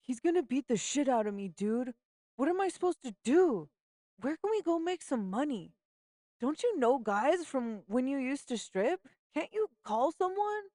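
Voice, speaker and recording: Woman narrator doing a frantic teen girl: high, pleading, breathless, in a dry booth. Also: very animated, normal speed, mellow, no room sound. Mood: desperate. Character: desperate teenage girl on meth, scared and pleading.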